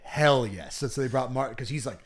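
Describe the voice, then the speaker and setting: A man's voice: mid-range voice, steady tone, rapid-fire, husky. A young man co-hosting a podcast in casual chat, telling stories in a rambling way and often correcting himself. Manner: rambling, self-correcting storyteller. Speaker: podcast co-host.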